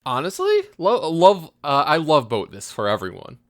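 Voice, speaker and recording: A man's voice: fairly high pitch, huge pitch swings, moderate pace, fairly bright tone, no echo, clean studio sound. A man co-hosting a casual gaming podcast, drawling his playful jokes. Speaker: podcast co-host.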